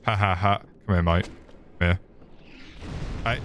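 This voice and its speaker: A man's voice: deep voice, steady tone, moderate pace, pauses often, a little hiss or hum. A young man giving crude, joking commentary while playing a game and talking to the enemies. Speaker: streamer. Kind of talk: gameplay commentary.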